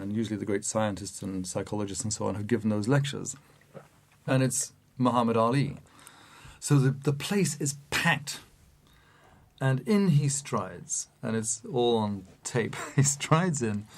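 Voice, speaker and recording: A man telling an anecdote in an animated way, often laughing as he goes. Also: medium pitch. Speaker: storyteller. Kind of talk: anecdotal storytelling.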